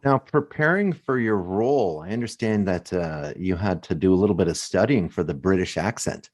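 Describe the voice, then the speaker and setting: A man's voice: low-pitched, expressive, normal speed, darkish tone. A man hosting an interview, asking friendly questions and making light jokes. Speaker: podcast host. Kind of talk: casual interview.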